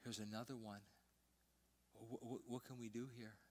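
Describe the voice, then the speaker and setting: In a church sanctuary, an older pastor preaches a sermon built around a personal story, swinging from loud emphasis to hushed, almost whispered lines. His voice is mid-range, his delivery flat, and his speed normal.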